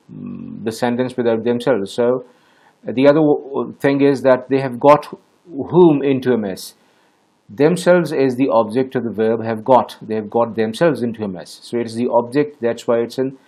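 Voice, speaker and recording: Brief: male grammar teacher, measured, methodical, pauses often. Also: mid-range voice, dark tone. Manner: measured, methodical, with many hesitations. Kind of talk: explaining a lesson.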